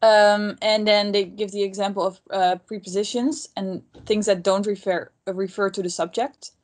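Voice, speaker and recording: A woman's voice: mid-range voice, fairly even intonation, normal speed. A woman helping teach a language lesson, reading slides aloud and translating them tentatively.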